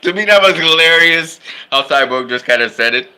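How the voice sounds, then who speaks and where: A man's voice: fairly high pitch, expressive, fairly quick, very noisy. A man talking casually about films he loves, in an enthusiastic, rambling way. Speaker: film fan commentator. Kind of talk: casual film commentary.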